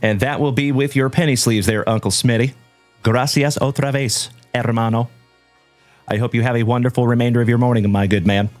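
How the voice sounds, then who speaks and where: A man hosting a live trading-card stream, chatting warmly with viewers and giving shout-outs. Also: medium pitch, fairly even intonation, fairly quick, soft background music. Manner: hearty, shout-outs full of "my brother" and "my man". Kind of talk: upbeat livestream chat with viewers.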